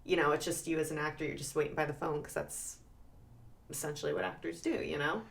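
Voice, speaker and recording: Deep, gravelly woman in casual chat. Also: fairly even intonation, a bit bright. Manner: supportive, quick to agree. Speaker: podcast co-host.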